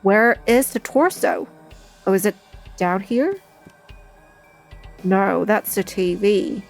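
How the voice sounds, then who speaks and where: Woman gamer thinking out loud during a playthrough, slow relaxed pace. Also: mid-range voice, gravelly, soft background music. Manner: thinking aloud, unhurried and chatty. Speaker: let's play streamer. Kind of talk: casual game playthrough commentary.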